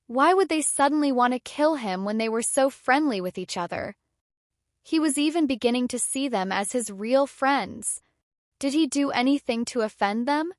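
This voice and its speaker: A woman's voice: a little high, no echo. Woman narrating a fantasy audiobook, dry. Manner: steady, measured storytelling.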